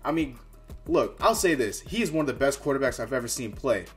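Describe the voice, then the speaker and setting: A man hosts a sports fan vlog in a fired-up, casual, trash-talking way. His voice sits at an ordinary middle pitch. Faint music plays behind him. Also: animated, fairly quick. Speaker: sports fan channel host.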